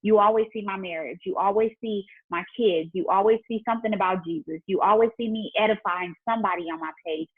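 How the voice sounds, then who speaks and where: A woman with a husky, breathy voice chats openly and warmly about faith and business, speaking straight to her followers. The audio is thin and tinny, like a phone call. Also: medium pitch, quick pace, hardly any pauses. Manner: chatty and faith-driven, talking straight to viewers. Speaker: entrepreneur and business mentor. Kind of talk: casual livestream Q&A chat.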